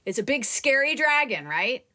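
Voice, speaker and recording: Lively-voiced woman acting coach. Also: high voice, normal speed. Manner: animated, talks directly to a student. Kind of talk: live coaching session.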